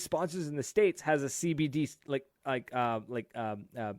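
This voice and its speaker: A man's voice: mid-range voice, normal speed, no room sound. Laughing man in a dry close-up chat. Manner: laughing, animated storytelling. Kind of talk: casual chat.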